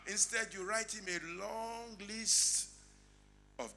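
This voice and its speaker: A middle-aged Nigerian man preaching a sermon as pastor, dropping to quiet asides and then shouting lines out. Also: takes it slowly. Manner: animated preaching, swinging between low asides and shouted lines.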